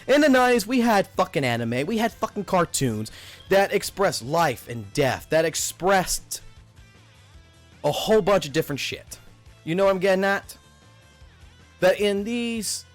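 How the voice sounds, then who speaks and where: A man in his thirties talks through a casual livestream in a fairly high voice, rambling and swearing as he rants. His delivery is animated, and faint guitar music plays underneath. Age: 30s. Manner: profane, rambling rant. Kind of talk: casual stream commentary.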